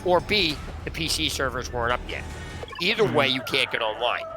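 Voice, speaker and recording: A gaming streamer with a medium-pitched, expressive voice rants indignantly at a slightly fast pace, rambling, restarting, and swearing freely. Music and noisy game audio, including gunfire, play behind him.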